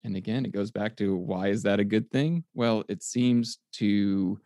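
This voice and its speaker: A middle-aged man hosting a casual conversation, gentle and reflective, affirming his guest. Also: lowish voice, measured pace, dry recording.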